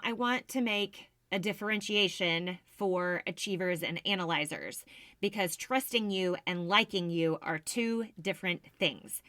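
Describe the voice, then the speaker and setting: A woman's voice: on the low side, a bit bright, no room sound. A woman hosting a solo business podcast, explaining sales ideas in an upbeat, teacherly way. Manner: upbeat explanatory, self-described business nerd. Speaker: podcast host, sales coach.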